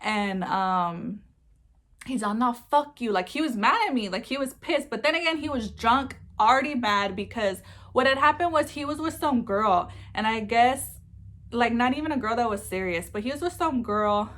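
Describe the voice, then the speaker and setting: A woman's voice: on the high side, expressive, normal speed, a bit bright. Chatty young woman swearing freely. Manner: chatty, swears freely, many filler words. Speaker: vlogger. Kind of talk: casual storytime.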